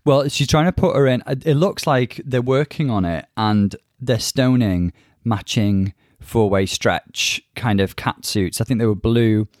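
A man's voice: mid-range voice, unhurried, hardly any pauses, a little mellow, dry recording, clean studio sound. A man co-hosting a casual chat show, chatty and asking his partner questions. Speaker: podcast co-host.

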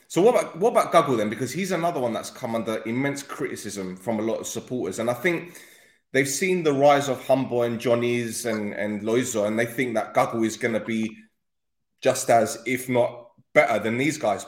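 A man's voice: mid-range voice, animated, fairly quick. A man hosting a casual football interview, chatty and rambling, joking with guests. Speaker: podcast host. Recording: echoey room.

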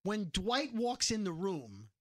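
A man's voice: high voice, very animated, slow pace, fairly bright tone, no echo, clean studio sound. A man from Brooklyn with a New York accent, co-hosting a podcast in rambling, joking casual chat. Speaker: podcast co-host.

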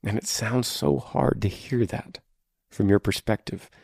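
A man's voice: on the low side, a little slow, creaky, a little mellow, husky, no echo, clean studio sound. A man hosting a podcast, giving earnest, encouraging faith-based advice to a listener and repeating phrases for emphasis. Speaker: podcast host answering listener questions.

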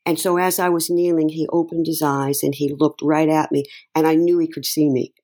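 A woman telling her story, slow and halting. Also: sits low, flat delivery, warm tone. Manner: emotional, slow and halting with many restarts. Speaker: interview guest. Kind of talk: personal storytelling in a conversation.

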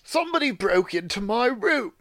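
A man's voice: very high-pitched, very animated, moderate pace, fairly bright tone, no echo, clean studio sound, voice pushed up, exaggerated voice. A man voicing a pompous, self-assured male adventurer with a grandiose, florid way of talking. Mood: indignant.

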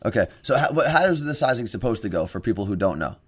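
A man's voice: on the low side, big pitch swings, fast talker, slightly rough. A man co-hosting a radio show in a studio, joking around casually and introducing songs and segments. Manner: joking, playful, sings silly jingles.

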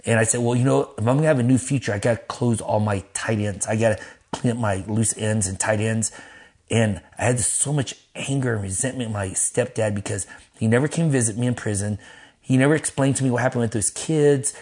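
Middle-aged pastor guy telling wild stories, loose and animated, does high squeaky voices for people he quotes. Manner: animated, acts out quotes in a high voice, laughs, swears casually. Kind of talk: personal storytelling interview.

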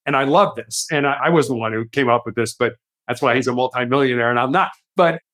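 A man's voice: mid-range voice, fast talker, a bit bright. A man, a guest author and speaker, telling stories earnestly in a conversational interview. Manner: earnest, explanatory, acts out quoted lines.

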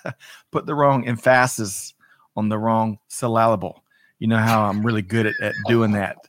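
A man's voice: lowish voice, fairly even intonation, moderate pace, slight background noise. A man hosting a live talk show, greeting viewers by name in an upbeat way with a few stumbles. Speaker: host.

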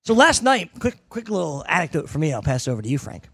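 A man's voice: a little high, very animated, fast, gravelly, fairly bright tone, husky, dry recording. A young adult man hosting a sports radio show, telling a story with lots of animation and repeated words. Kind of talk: casual chat and read promo.

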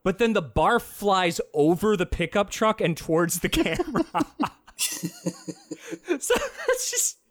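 A man in casual film-review chat who talks in an animated way, swears freely and laughs often. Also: sits high, slow pace, no echo, studio quality.

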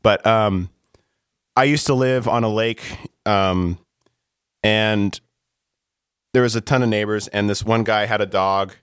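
Young guy rambling on a podcast, kinda low voice, super dry close mic. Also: steady tone, unhurried, long pauses, a bit bright, smooth, no room sound. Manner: rambling, lots of filler words and restarts. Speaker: podcast host. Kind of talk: casual chat.

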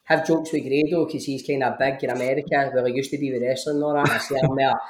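A Glaswegian man in his thirties talks in a broad, chatty way, dropping into local dialect and laughing easily. His voice sits at an ordinary middle pitch. The recording carries a roomy echo around him. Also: fairly even intonation, quick pace, a little hiss or hum. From Scotland. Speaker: podcast guest, actor. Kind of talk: casual chat. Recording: echoey room.

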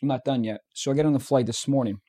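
A young man co-hosting a podcast, telling a story in casual chat, animated and profane, acting out the dialogue. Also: mid-range voice, rapid-fire. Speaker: podcast co-host.

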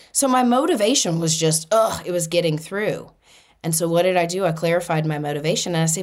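A woman hosting a spiritual self-help podcast, talking earnestly in long lists and rising into bright excitement when she quotes herself. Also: lowish voice, brisk. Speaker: podcast host.

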